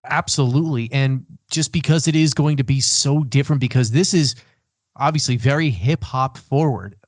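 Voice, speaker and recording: Man, podcast co-host, mid pitch, dry close sound, firm and argumentative. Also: normal speed, dry recording. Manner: firm, argumentative, builds a case. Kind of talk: casual music debate chat. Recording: remote call, own mic.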